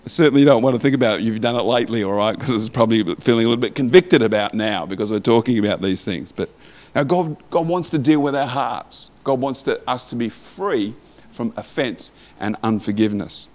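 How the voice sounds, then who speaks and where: A man's voice: medium pitch, fairly quick, a little mellow. A man preaching a sermon in a conversational way, reading scripture aloud and asking the listeners questions.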